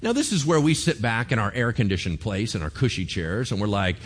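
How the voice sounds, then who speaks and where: Animated man preaching casually. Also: on the low side, brisk, few pauses. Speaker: pastor. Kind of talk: sermon.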